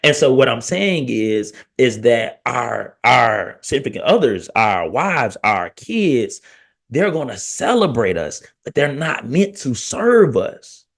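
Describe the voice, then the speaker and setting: Animated storytelling family man. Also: mid-range voice, slow pace. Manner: animated storyteller, acts out family quotes in raised voice. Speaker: podcast host. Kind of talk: casual preaching monologue.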